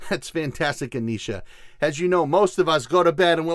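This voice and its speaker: Animated male podcast host. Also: on the high side, normal speed, dry recording. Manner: animated, conversational, acts out quotes. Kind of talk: podcast storytelling.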